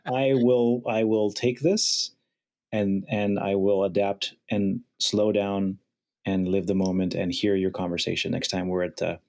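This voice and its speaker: A man on a podcast panel speaks with a lower voice. His manner is gentle and lightly joking. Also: little pitch movement, unhurried, vocal fry. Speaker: podcast guest.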